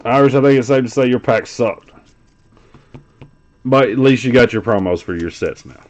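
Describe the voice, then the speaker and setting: A man's voice: mid-range voice, normal speed, a little mellow, muffled recording. A man streaming live as he opens card packs, talking loosely and teasing a viewer. He swears freely and keeps the banter going. His voice sits in an ordinary middle range. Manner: teasing, profane, joking. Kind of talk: casual live-stream chat.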